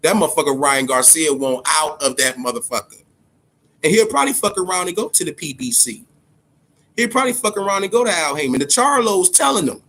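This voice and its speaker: A man giving casual, profane boxing talk, animated and storytelling, slipping into quotes of other people. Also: a little high, fairly quick. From Ohio, USA. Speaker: boxing commentator.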